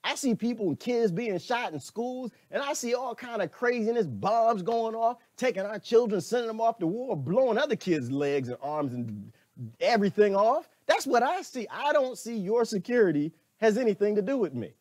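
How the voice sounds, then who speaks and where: Animated man ranting on a livestream. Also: sits high, moderate pace, no room sound. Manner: animated, laughing, talks back to chat comments. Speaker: livestream host. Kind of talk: casual livestream rant.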